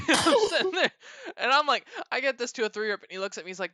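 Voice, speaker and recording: Bright, crisp-voiced man telling a rambling story. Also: sits high, very animated, fast, few pauses, dry recording, lo-fi sound. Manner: profane, rambling, laughs often. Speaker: streamer. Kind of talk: casual storytelling.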